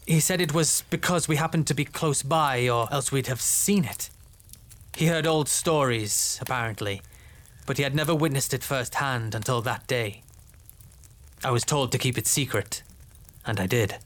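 A man's voice: medium pitch, moderate pace, a bit bright, lightly acted. A man playing an earnest formal lieutenant. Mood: solemn. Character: solemn male soldier lieutenant, earnest and formal. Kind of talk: audio drama acting.

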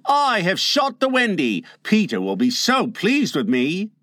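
Man voicing an earnest little boy, pleading, high, dry close sound. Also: lively intonation, measured pace, no echo. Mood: proud. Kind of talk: audiobook character voice.

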